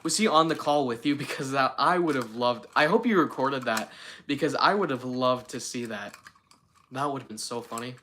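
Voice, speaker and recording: A man's voice: mid-range voice, normal speed, sharp tone, slight background noise. A young man hosting a casual livestream, chatting with viewers in a rambling, self-mocking way full of fillers. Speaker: livestream host.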